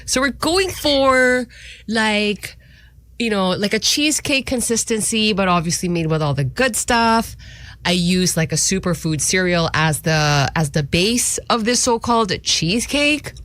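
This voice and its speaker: A woman's voice: medium pitch, lively intonation, a little slow, a bit bright, no echo. A woman co-hosting a radio morning show, chatty and laughing easily in casual banter. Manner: chatty, laughs easily, mixes in Tagalog words.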